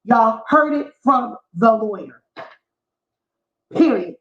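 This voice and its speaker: A woman's voice: a little high, expressive, slow pace. A woman vlogger delivering a heated, mocking, profanity-filled commentary rant. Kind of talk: ranting commentary vlog. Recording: echoey, dull lo-fi room sound.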